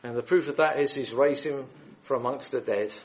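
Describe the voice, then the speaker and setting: A man's voice: medium pitch, fairly quick. A man preaching the gospel in a hall, reading scripture aloud and then appealing earnestly and directly to his listeners. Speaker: lay preacher.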